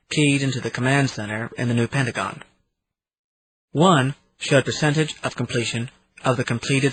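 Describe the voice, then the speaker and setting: A man narrating an audiobook in the first person, in a steady reading manner. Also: medium pitch, a little hiss or hum, low-quality recording. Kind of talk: scripted narration.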